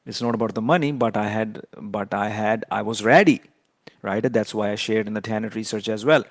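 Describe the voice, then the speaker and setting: A man's voice: lowish voice, brisk, no echo, clean studio sound. A man giving a trading lesson in an emphatic, lecturing way, often repeating key points for stress. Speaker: trading educator.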